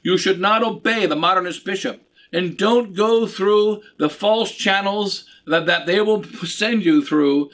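A middle-aged man preaches with a high, bright voice that rings out. His delivery is earnest and insistent, looping back on phrases and stumbling through frequent restarts. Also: measured pace. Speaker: bishop preaching. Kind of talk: sermon.

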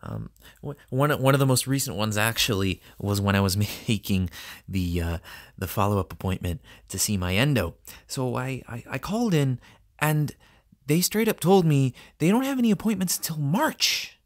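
A woman in her twenties with a lower voice recording a personal, halting message to her future self, full of repeats and restarts, with sarcastic asides, from a dark closed-off room. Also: animated. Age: 20s. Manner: halting, self-interrupting, thoughtful. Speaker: vlogger.

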